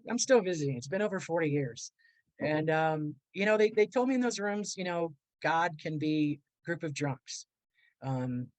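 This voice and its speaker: An older woman, a guest on a video call, telling her life story in a lively way, acting out the voices she quotes and laughing often. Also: sits low, dry recording, rough recording. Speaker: guest speaker. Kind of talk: animated personal storytelling.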